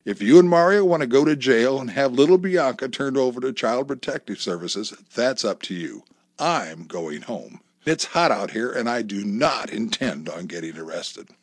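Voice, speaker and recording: A man's voice: expressive, moderate pace, no room sound, studio quality. A man reading a story aloud, voicing an exasperated wife who scolds her husband in a raised, pleading voice. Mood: resigned. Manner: pleading, scolding, higher pitched.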